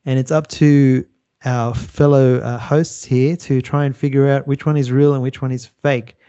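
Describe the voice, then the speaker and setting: Mellow-voiced man hosting a game segment. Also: mid-range voice, little pitch movement, normal speed, smooth, no room sound, dull audio. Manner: laid-back, with frequent fillers and chuckles. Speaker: podcast host running a game segment. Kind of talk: casual chat.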